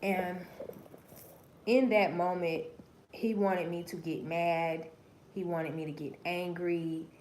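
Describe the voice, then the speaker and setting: A woman hosting a livestream tells her viewers a story directly, in a profane and preachy casual monologue that swings from low murmurs to loud, emphatic bursts. Her tone is steady and her speech slow with frequent pauses, and there's a slight hiss or hum.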